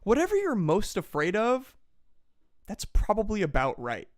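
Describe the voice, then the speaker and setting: Guy with a high voice going off in casual chat, crude and swears a lot, pitch bouncing all over. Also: normal speed. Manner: crude, profane, animated ranting. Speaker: podcast co-host.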